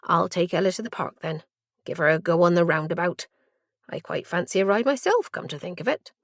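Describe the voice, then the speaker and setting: A woman voicing a gentle, ailing older mother with a Cornish accent and a soft, lowered voice. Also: fairly quick, no echo, studio quality. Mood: playful.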